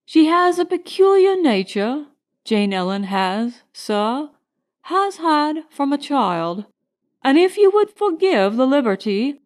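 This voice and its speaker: A woman reading an audiobook voices a polite, anxious male butler who speaks in a halting, apologetic, formal way. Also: sits high, heavily acted.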